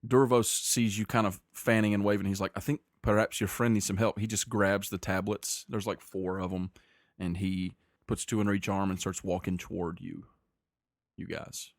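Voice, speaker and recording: A man narrating as game master of a tabletop game, describing scenes in a measured way with frequent restarts. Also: low-pitched, flat delivery, no room sound, clean studio sound.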